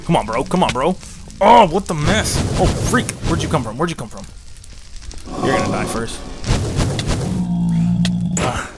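A man giving excited gameplay commentary, repeating phrases rapidly under pressure. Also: a little high, gravelly. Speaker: gameplay channel host. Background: loud background music.

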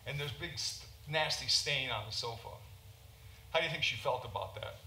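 A man's voice: medium pitch, normal speed, sharp tone, slight background noise. A man from the United States, a physician, giving an informal conference lecture and often checking in with "okay?". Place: large conference hall. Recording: roomy hall with faint ambience.

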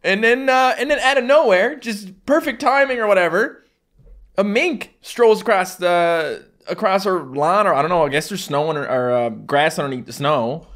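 A man's voice: high-pitched, moderate pace, fairly bright tone. Rambling Newfoundland man chatting. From Newfoundland, Canada. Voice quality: rambling, self-deprecating, many fillers and restarts. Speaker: YouTuber answering fan questions. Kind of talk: casual chat.

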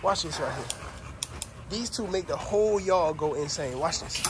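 A middle-aged man vlogging casually while doing kennel chores, talking loosely in slang, calling viewers fam and shouting at his dogs. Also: fairly high pitch, animated, normal speed. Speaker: dog kennel owner. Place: outdoor dog yard with kennels. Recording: outdoor yard noise with dogs barking. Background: dogs barking.

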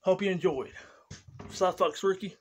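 A man narrates his comedy sketches in an unpolished, casual way, stopping to restart his lines. He speaks slowly in a fairly high voice. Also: over music. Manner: slow, unpolished explaining with restarts. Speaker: comedy video creator.

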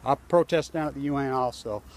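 Standing outdoors near a building's entrance, an American man records himself on his phone and protests in a brisk, mid-range voice. His angry rant is full of swearing and repeats itself often.

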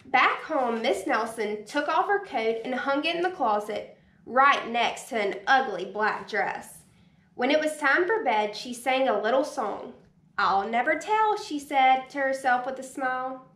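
A woman teacher reading a storybook aloud to children in a slow, gentle way. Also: sits high. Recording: roomy echo.

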